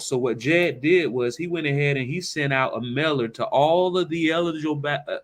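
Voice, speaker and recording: A man's voice: medium pitch, a bit bright. A man speaking as a financial planning speaker, telling a story in a conversational way and asking rhetorical questions. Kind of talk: storytelling talk to camera.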